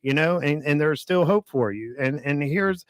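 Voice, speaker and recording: A man's voice: a little high, lively intonation, moderate pace, dry recording. A man co-hosting a podcast, speaking earnestly and encouragingly straight to his listeners. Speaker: podcast co-host. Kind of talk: casual podcast chat.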